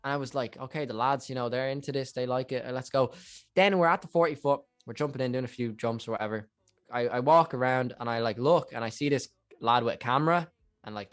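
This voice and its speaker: A young Irish man in his twenties is a podcast guest telling rambling stories and acting out what people said, in casual storytelling chat. He's animated, with a mid-range voice, a fast pace, and no room sound.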